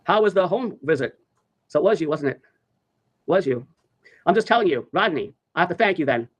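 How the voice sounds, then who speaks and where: A man's voice: on the high side, expressive, a little fast. A man telling a story on a livestream, rambling and profane, repeating his phrases over and over. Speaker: live streamer.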